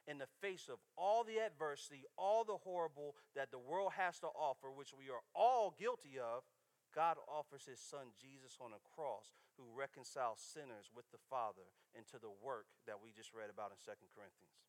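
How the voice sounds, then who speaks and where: A man's voice: medium pitch, normal speed. A man preaching a casual, story-driven sermon in church, constantly checking in with the congregation. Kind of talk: conversational sermon with stories.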